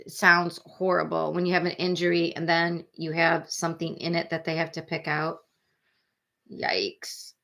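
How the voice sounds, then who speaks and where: Bright-voiced woman chatting on a livestream. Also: fairly low pitch. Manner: chatty, rambling, sympathetic with frequent laughs. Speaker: true crime livestream host. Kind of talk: casual livestream chat reading viewer comments.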